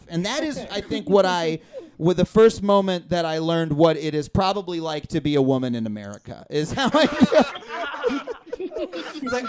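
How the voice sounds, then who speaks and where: A man performing a stand-up comedy set on a club stage, telling a story with sudden shouted outbursts. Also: sits high, big pitch swings, normal speed, crowd noise. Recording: live audience in a club.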